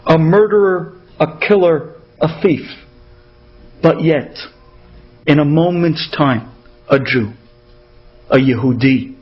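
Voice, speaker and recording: A man's voice: on the high side, muffled recording. A man telling an inspirational story dramatically, repeating phrases and weaving in Hebrew terms.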